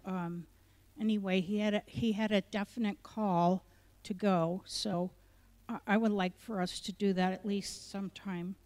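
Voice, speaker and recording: Woman talking slow and soft, mellow voice, asking the group to pray and leading it. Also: medium pitch. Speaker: church member leading prayer. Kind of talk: prayer request and spoken prayer.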